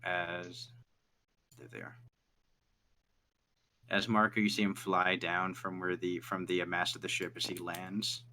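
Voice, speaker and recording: A man's voice: deep voice, flat delivery, sharp tone, slight background noise. Man narrating a tabletop game. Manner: casual, halting narration with many restarts. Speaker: game master.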